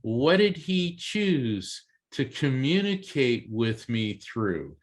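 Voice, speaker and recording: An earnest man who grew up on the Florida coast tells a personal story as an interview guest. His voice sits at an ordinary middle pitch. He briefly acts out the voices of the people in his story. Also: big pitch swings, slow. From East Coast Florida. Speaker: interview guest, psychic medium and author.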